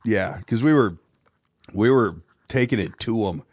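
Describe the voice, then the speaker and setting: A man's voice: lowish voice, expressive, measured pace, a little mellow, husky, no room sound, muffled recording. A middle-aged man co-hosting a podcast, telling a long rambling story in casual chat and laughing through it. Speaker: podcast co-host.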